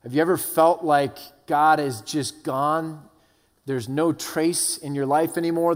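A man preaching a sermon, earnest, with passages that rise from hushed to fervent. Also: fairly high pitch. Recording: long hall reverb.

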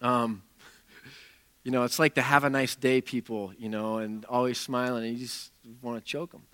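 A man's voice: mid-range voice, steady tone, normal speed, fairly bright tone, smooth. A man giving a conversational sermon, full of restarts, fillers and plain everyday wording. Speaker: pastor.

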